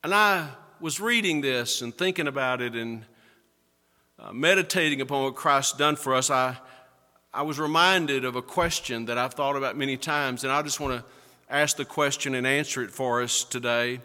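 Bright-voiced man preaching in an echoey hall. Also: medium pitch. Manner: emphatic preaching, slowing and rising for stress. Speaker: pastor. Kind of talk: sermon. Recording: echoey hall with long reverb.

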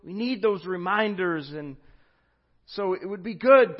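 Slightly high-voiced male pastor preaching. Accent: Southern American. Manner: reads out quoted texts, voice drops soft and slow for tender lines. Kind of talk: sermon. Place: church sanctuary. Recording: dull lo-fi church recording.

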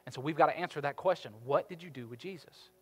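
A man preaching a sermon as pastor, with emphatic delivery that swings from quiet to loud. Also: fairly high pitch, fast, slightly rough. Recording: reverberant hall with faint music.

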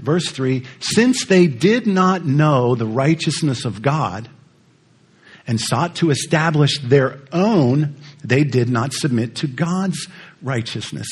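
Man, pastor, sermon, husky voice, animated pitch, chatty storytelling, asks the congregation questions.

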